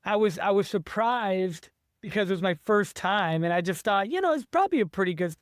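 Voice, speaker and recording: An eager man chats about his writing in a casual interview, his high voice smooth and resonant. He rambles and restarts his sentences often. The sound is dry and close. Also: animated, brisk, dry recording. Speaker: author being interviewed.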